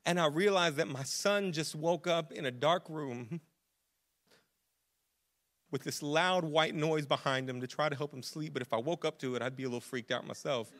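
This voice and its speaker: A young adult man preaching a sermon as pastor, animated and casual, with slang. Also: a little high, moderate pace.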